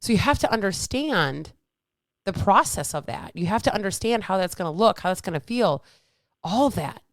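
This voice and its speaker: A woman's voice: mid-range voice, expressive, moderate pace, no room sound, clean studio sound. Blunt upbeat woman fitness coach. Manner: blunt, swears freely, upbeat. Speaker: fitness coach and podcast host. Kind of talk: casual motivational talk.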